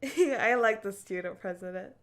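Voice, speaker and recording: A woman's voice: mid-range voice, moderate pace, a bit bright. A young woman reacting live to an anime, emotional and casual, swearing often and saying "like" a lot. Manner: emotional, swearing, frequent "like" fillers.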